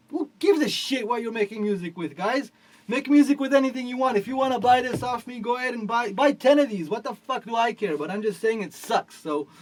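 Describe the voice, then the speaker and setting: A man with a fairly high voice delivers a rambling review of a piece of gear. His speech is loose and full of fillers, and he shifts from low mutters to exasperated, swearing outbursts. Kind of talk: ranting product review.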